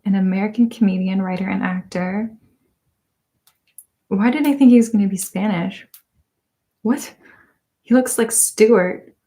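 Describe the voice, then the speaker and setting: Soft-spoken woman host chatting slowly. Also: mid-range voice. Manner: soft-spoken, drifting into whispers, laughs often. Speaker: ASMR channel host. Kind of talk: casual live-stream chat.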